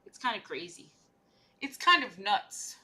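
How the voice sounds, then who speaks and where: A woman's voice: medium pitch, big pitch swings, unhurried, pushed and bright. A young woman chatting casually and playfully while she paints miniatures on a livestream, rambling from one joke to the next.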